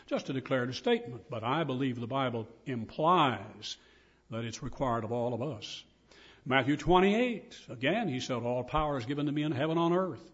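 A man's voice: medium pitch, slightly rough, highs cut off. An older man preaching a sermon, earnest and emphatic as he quotes and explains scripture.

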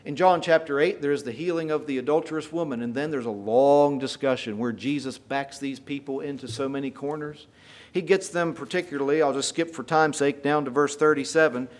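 A man preaching a sermon, retelling scripture dramatically with folksy paraphrase and getting louder on the quoted lines. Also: a little high, brisk. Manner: emphatic, rises in volume for quoted lines.

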